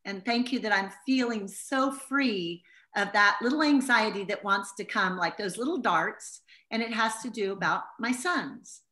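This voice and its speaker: Bright, earnest woman teaching the Bible. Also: medium pitch, a little slow. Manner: earnest, heartfelt storytelling. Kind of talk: informal Bible teaching to a small group.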